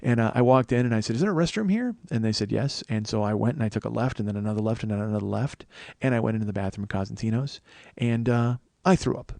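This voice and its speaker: A man's voice: fairly low pitch, fairly even intonation, quick pace, creaky, a little mellow, dry recording. A man in his forties hosting a comedy podcast, telling a long story in a profane, rambling way, full of self-corrections and asides. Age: 40s. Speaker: podcast host.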